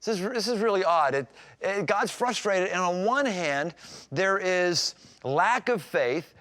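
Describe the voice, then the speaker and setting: A male pastor delivering a sermon in an animated, conversational way. He is emphatic, and his voice sits a little high. He slips into short acted scenes as he tells his stories. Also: unhurried.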